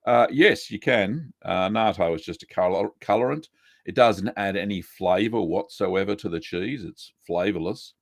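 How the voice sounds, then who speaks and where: A man hosting a live cheesemaking Q&A, relaxed and chatty, reading out viewer messages with lots of ums. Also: on the low side, normal speed, creaky, no echo, studio quality. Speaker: cheesemaking show host answering live chat. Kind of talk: casual live-stream Q&A.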